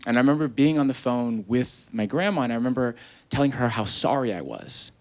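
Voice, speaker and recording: A man's voice: mid-range voice, lively intonation, fairly quick. Man doing a stand-up set. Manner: storytelling, quoting people in acted voices. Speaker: stand-up comedian. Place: comedy venue with a live audience.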